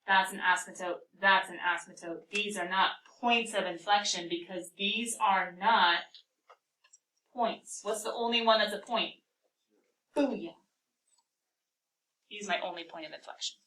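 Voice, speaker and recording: A woman teaching a calculus class, talking through a problem and firing quick questions at her students. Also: medium pitch, fairly even intonation, sharp tone, recorded from a distance, low-quality recording. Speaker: math teacher.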